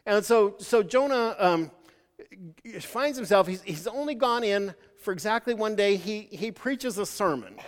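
Storytelling preacher, male, a bit high, stop-start delivery, long hall reverb. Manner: halting, many restarts, storytelling. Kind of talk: sermon.

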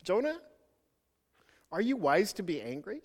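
A man voicing God as a calm male figure who gently asks questions. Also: high-pitched, a little slow, big-room sound, pitched above the performer's own voice, exaggerated voice. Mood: gently questioning.

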